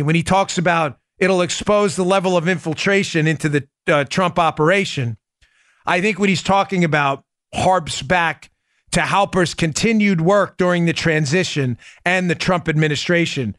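A man's voice: on the high side, normal speed, fairly bright tone, no echo, studio quality. A man hosting a political commentary podcast, talking emphatically and combatively, often calling his listeners folks. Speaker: podcast host.

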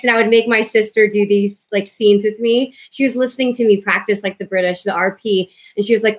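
A woman's voice: mid-range voice, steady tone, moderate pace, husky. Young woman, bubbly and gushing, video call mic. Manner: bubbly, gushing, filler-heavy. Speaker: voice actor. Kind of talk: casual chat.

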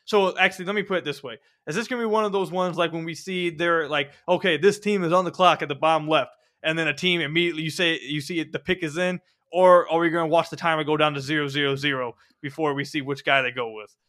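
A man hosting a casual sports podcast, talking fast and energetically and sometimes tripping over his words. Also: on the high side, steady tone, pushed and bright. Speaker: podcast host. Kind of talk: casual sports podcast chat and host-read ads.

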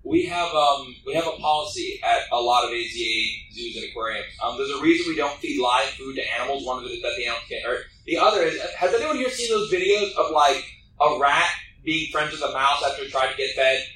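A man's voice: mid-range voice, lively intonation, fast talker, sharp tone, a little hiss or hum. A man who works at a zoo, talking animatedly on a live panel and laughing often. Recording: echoey room, distant mic.

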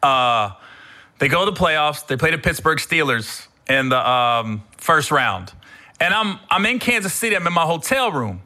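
Bright, lively man hosting a podcast. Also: fairly high pitch, normal speed. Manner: animated, swearing, rambling storyteller. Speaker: podcast host. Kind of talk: comedic storytelling.

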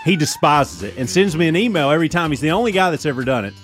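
Upbeat male co-host, a little high-pitched, faint music underneath. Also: big pitch swings, rapid-fire, fairly bright tone. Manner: upbeat, self-mocking. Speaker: radio show co-host. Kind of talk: casual studio banter.

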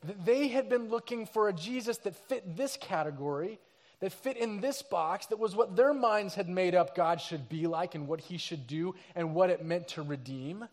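A man delivers a sermon in a relaxed, chatty way, using slang like "dude" as he retells the story. His voice sits high for a man. He acts out the quoted people with lively shifts in tone. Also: moderate pace. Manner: casual slang like dude and crazy. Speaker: pastor.

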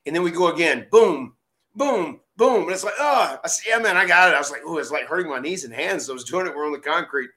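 A man who hosts a podcast, telling a story in a casual, animated way, acting out what other people said and often restarting his sentences. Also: on the high side, brisk. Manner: animated, acts out quoted voices, frequent restarts. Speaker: podcast host, former wrestler.

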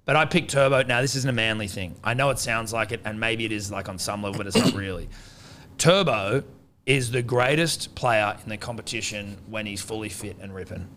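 A man's voice: on the low side, a little fast, fairly bright tone, slight background noise. Sweary blunt Australian man chatting. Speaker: podcast host. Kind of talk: casual sports chat.

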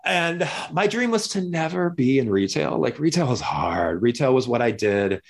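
A man from Missouri tells his story as an interview guest, his pitch leaping up and down. He slips into quoted voices to act out what other people said. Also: big pitch swings, normal speed. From Missouri, USA. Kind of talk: conversational storytelling.

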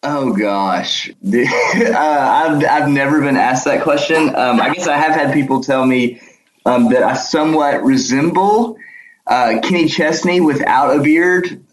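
A man's voice: a little high, measured pace, echoey room, poor audio. A man with an Arkansas accent, a guest in a casual interview, hesitant and chatty with many fillers and restarts. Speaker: guest, nonprofit founder.

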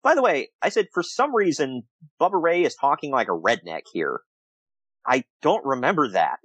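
A man's voice: medium pitch, moderate pace, breathy edge, dry recording, low-quality recording. A man co-hosting a casual podcast, recapping old wrestling shows, laughing often and acting out quotes. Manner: laughs often, animated retelling with quoted asides. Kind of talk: casual chat.

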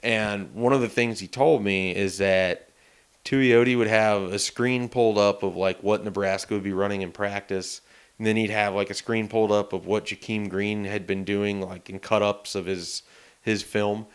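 A man with a fairly low, smooth and clear voice, talking in a relaxed, rambling manner. He co-hosts a casual sports chat, recounting reporting trips and anecdotes at an easy pace. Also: normal speed.

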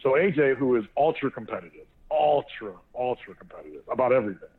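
A man co-hosting a talk show, telling a family story in an animated way and laughing as he goes. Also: medium pitch, racing. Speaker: co-host of a sports talk show. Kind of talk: casual storytelling chat. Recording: tinny phone line.

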